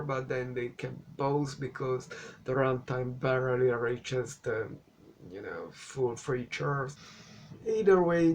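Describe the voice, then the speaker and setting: A man speaking English as a second language delivers a relaxed, sarcastic movie review at a slow, deliberate pace. He sounds exasperated with the film's choices and swears casually as he goes. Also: medium pitch. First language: not English. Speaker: film reviewer.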